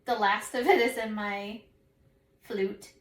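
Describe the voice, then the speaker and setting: A woman co-hosting a podcast in casual chat, animated and excitable as she tells stories. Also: medium pitch, takes it slowly. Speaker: podcast co-host. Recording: roomy echo.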